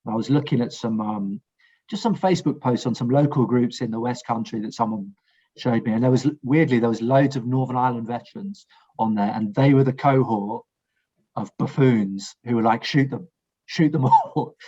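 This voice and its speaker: Husky-voiced man, blunt and frank. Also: medium pitch, fairly quick, warm tone, highs cut off. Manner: frank, blunt, swears, restarts sentences. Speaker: war veteran guest. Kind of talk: casual podcast conversation.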